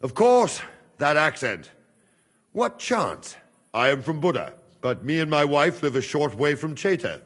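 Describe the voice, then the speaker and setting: An actor playing a steady, loyal guard who speaks in a calm, firm, measured way. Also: male voice, fairly high pitch, husky, in a large hall, full character voice. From Hungary.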